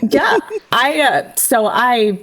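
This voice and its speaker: A woman's voice: a little high, very animated, takes it slowly, fairly bright tone. A woman in her thirties, a guest author answering interview questions in a friendly, chatty way with light laughs.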